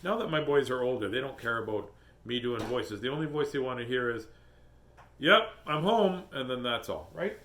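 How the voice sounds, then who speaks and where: A man's voice: mid-range voice, fairly quick, fairly bright tone. A middle-aged man reading a children's story aloud and chatting casually with viewers, playful and silly. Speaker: host reading children's books.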